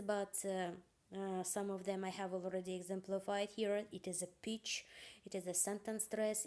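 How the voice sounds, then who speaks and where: A woman giving a university phonetics lecture, pausing often with fillers and restarts. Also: mid-range voice, darkish tone. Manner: hesitant, many fillers and restarts.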